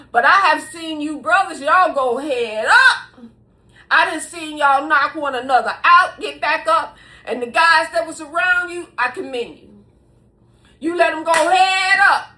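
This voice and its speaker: A middle-aged woman giving viewers blunt advice in a casual monologue, preachy and animated, often laughing mid-sentence and calling out to them as y'all. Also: high voice. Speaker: vlogger.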